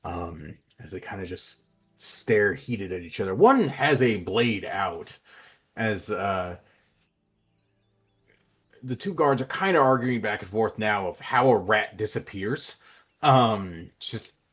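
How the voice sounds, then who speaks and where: A man narrating as game master, relaxed and hesitant, with many fillers. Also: fairly low pitch, takes it slowly, slightly rough.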